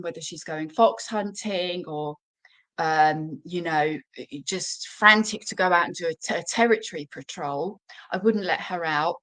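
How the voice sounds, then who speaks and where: A woman's voice: fairly low pitch, a bit bright, rough recording. A woman dog trainer hosting a live question-and-answer stream, giving casual advice with many fillers and restarts.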